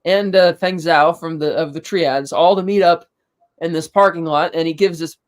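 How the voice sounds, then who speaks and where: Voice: mid-range voice, fairly even intonation, moderate pace. A podcast co-host recapping a TV episode in loose casual chat, swearing freely, chuckling and stumbling over words as they act out the characters' lines. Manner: rambling, profane, acts out quotes; frequent fillers and restarts, chuckles.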